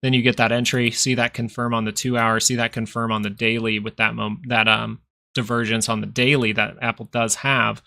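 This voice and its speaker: Guy rambling through stock charts on a livestream, kinda gravelly fry in his voice. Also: mid-range voice, level tone, a little fast, sharp tone. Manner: rambling, thinks aloud over charts, frequent fillers. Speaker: stock market livestream host. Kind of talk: casual live market commentary.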